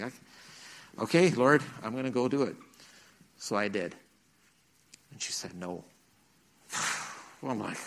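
A middle-aged man in a church speaks to teenagers at normal speed, his mid-range voice expressive and often pausing. He gives his testimony as an earnest story, acting out what people said.

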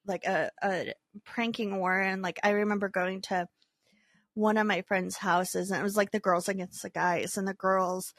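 A young adult woman co-hosting a podcast, telling stories in an animated, filler-heavy casual way. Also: medium pitch, normal speed, no echo, clean studio sound. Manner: animated storyteller, many fillers. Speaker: podcast co-host. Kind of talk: casual chat.

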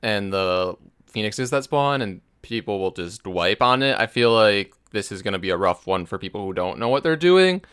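A man's voice: lowish voice, expressive, moderate pace, a bit bright, clear, resonant tone. A man co-hosting a casual gaming podcast, speaking in a wry, hedging way. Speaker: podcast co-host.

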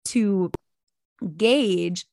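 A woman in her forties chats on a faith podcast, animated and expressive as she acts out little quotes. Her voice sits in a middle pitch. The recording is close and dry with no room sound. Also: drawn-out words, gravelly, no echo. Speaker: podcast co-host. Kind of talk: casual faith podcast chat.

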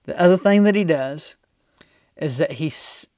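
High-voiced folksy pastor. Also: male voice, normal speed, no echo. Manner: folksy storytelling with big swings in loudness. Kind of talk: sermon.

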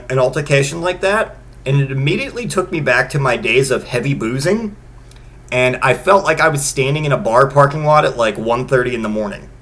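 A man's voice: medium pitch, fairly bright tone. A man in his late thirties, a podcast host telling a story in a rambling, profane, sarcastic way. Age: late 30s. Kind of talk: casual comedic storytelling.

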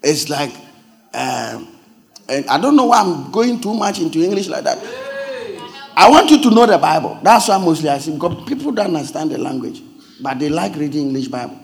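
A pastor preaching a sermon in a high voice that leaps around in pitch. He explains like a teacher, keeps asking if he is understood, and swells into loud, emphatic preaching. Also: big pitch swings, a little fast, gravelly. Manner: teacherly, checks understanding with repeated questions.

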